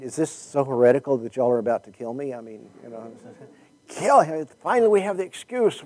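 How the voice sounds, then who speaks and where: A man's voice: medium pitch, poor audio. Man teaching a Bible class. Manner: thinks out loud, questions the class.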